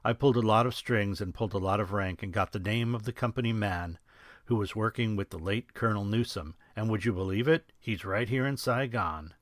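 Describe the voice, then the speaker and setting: A man voicing a gruff, wisecracking older army sergeant who talks bluntly and with authority. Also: on the low side, brisk, no echo, clean studio sound, lightly acted. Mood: gruff commanding.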